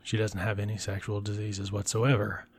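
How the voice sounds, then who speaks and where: A man giving a casual recap of a film, talking bluntly with profanity and dropping into breathy whispered asides. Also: on the low side, monotone, normal speed. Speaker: film reviewer.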